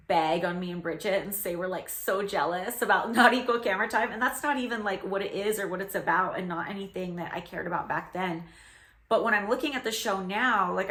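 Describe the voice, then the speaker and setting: A woman's voice: medium pitch, fairly bright tone. Chatty woman in a roomy space. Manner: chatty storytelling with frequent "like" fillers and laughter. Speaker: host reacting to episodes of a reality show. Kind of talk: casual reaction commentary. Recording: roomy echo.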